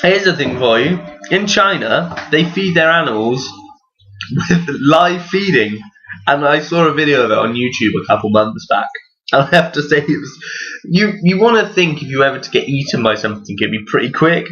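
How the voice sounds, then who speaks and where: A man's voice: on the high side, animated, moderate pace, fairly bright tone. A man vlogging in a casual rambling monologue. He swears freely and often laughs at his own jokes. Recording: dull lo-fi recording.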